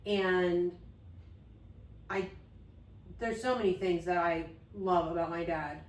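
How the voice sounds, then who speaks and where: A woman's voice: fairly low pitch, steady tone, slow pace, far from the mic. Earnest woman co-host, roomy and off-mic. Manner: earnest, open, loses her train of thought. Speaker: podcast co-host. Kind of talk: heartfelt conversation about grief.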